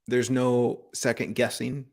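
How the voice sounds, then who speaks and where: A man giving a calm, reflective spiritual talk on a live broadcast, asking gentle rhetorical questions. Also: medium pitch, slow, gravelly. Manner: calm, contemplative, asks rhetorical questions, laughs softly.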